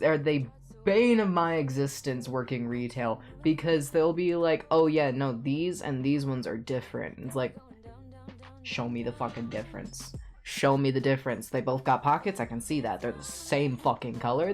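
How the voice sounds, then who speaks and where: A young man streaming a game, telling an animated story in a casual rant full of swearing. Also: mid-range voice.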